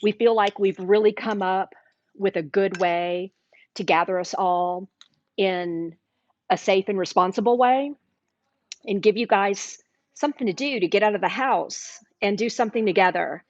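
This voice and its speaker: A woman's voice: mid-range voice, moderate pace, dry recording. Middle-aged Southern woman, cooking host, chatty and upbeat, dry dull livestream sound. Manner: chatty, enthusiastic, talks while eating. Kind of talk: live cooking demo chat.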